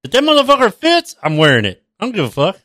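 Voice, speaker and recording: A man's voice: high voice, wildly swooping pitch, fast talker, pushed and bright, no room sound, clean studio sound. Laughing crude man on a stream. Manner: laughs often, crude and drawling. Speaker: stream co-host. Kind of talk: casual profane chat.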